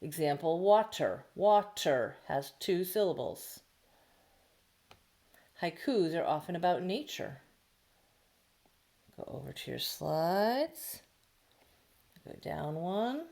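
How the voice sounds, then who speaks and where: A woman teacher at home giving a remote lesson to children, explaining each step slowly and patiently. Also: lowish voice, sing-song, creaky, darkish tone. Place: home, near the dining room.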